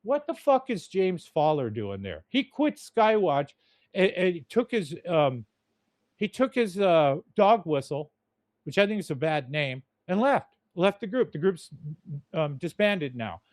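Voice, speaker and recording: A man's voice: fairly high pitch, very animated, a little slow, no room sound. A man hosting a podcast, ranting in a blunt, profane, rambling way. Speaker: podcast host. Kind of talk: casual rant.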